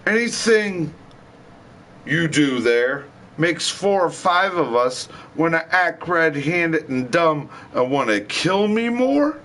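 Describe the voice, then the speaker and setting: A man's voice: on the high side, very animated, takes it slowly, a bit bright. A man livestreaming a rambling, profane rant in heavy slang.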